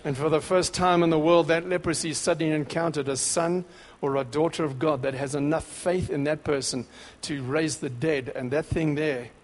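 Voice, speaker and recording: A man preaching a sermon, dramatic, dropping to a hush and then rising to shouts. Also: a little high, steady tone, normal speed, few pauses. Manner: dramatic, swings between hushed and shouting. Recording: long hall reverb.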